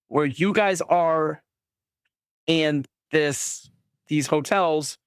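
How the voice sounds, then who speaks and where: A man running a tabletop role-playing game, describing the scene at an unhurried pace in a smooth, clear voice that sits slightly high for a man. He pauses often with fillers, and the sound is dry and close. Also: no echo. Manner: hesitant, many fillers. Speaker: game master.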